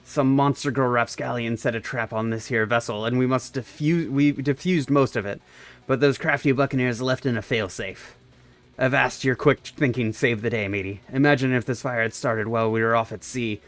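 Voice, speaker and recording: A man putting on a gruff old-timey pirate voice for a game character. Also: medium pitch, steady tone, normal speed, pitched below the performer's own voice, natural voice. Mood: blustering. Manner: growling pirate talk.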